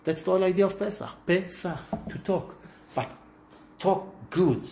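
A man teaching a lively classroom lesson, questioning his students and swinging between loud emphasis and soft asides. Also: high-pitched, normal speed, reverberant, a little hiss or hum. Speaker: religious teacher.

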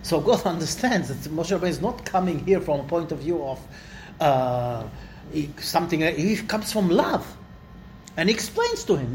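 An animated teacher leads a Bible lesson in an indoor room, the voice swinging widely from low asides up to high, dramatic quotes. A faint hiss sits under the recording. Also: moderate pace. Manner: animated, acts out quotes with rising pitch. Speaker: Torah teacher. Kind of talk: Bible lesson to a small class.

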